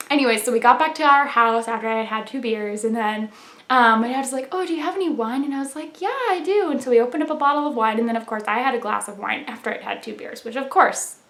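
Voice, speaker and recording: A woman's voice: on the high side, fast, a bit bright. A young woman rambling through a casual confessional vlog, full of "like"s and laughter. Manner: chatty, rambling, with many "like"s and laughs. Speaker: vlogger. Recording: echoey room.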